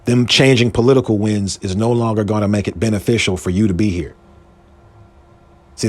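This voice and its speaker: A man delivers a heated, slangy commentary monologue as host of his show. His pitch swings widely, jumping up for emphasis and dropping low again. The delivery stays emphatic and argumentative throughout. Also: darkish tone. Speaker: podcast host.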